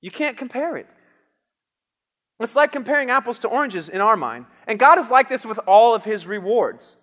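A man preaching a sermon, lively and animated, dramatizing a Bible story with booming lines for the king. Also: moderate pace, long reverb tail. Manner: animated, acts out the king's lines with shouts. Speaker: pastor.

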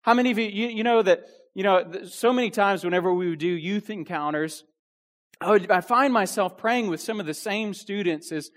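A man's voice: sits high, brisk. A man preaching a youth sermon with energy, full of restarts and asides. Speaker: youth pastor.

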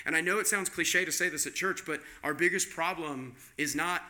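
A man's voice: on the high side, moderate pace, bright, forceful tone. A male pastor giving a conversational sermon, posing rhetorical questions to the congregation.

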